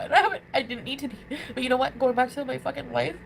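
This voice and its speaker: A woman's voice: sits high, very fast, creaky, few pauses, a little hiss or hum, low-quality recording. A drunk woman vlogger rambling emotionally and profanely during a late-night live stream.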